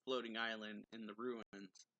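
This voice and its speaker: A man's voice: on the low side, little pitch movement, measured pace, bright, forceful tone, no echo, highs cut off. A man voicing an earnest, caring young male manga hero while retelling a chapter.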